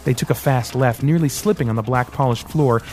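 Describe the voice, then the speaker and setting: A man narrating an audiobook in steady scripted storytelling. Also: mid-range voice, brisk, faint music behind.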